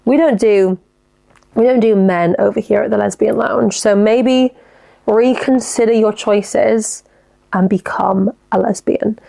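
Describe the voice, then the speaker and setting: A woman's voice: medium pitch, measured pace, vocal fry. A young woman hosting a casual solo podcast, talking frankly and swearing freely as she reads out listener dilemmas. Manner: chatty, frank, sweary, animated. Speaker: podcast host.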